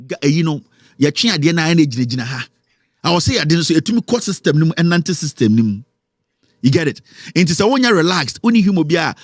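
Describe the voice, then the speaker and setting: Ghanaian guy ranting on his talk show, kinda high voice, dry close sound, teasing and preachy. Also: dry recording. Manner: mocking, preachy, mixes English with Twi. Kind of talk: animated commentary.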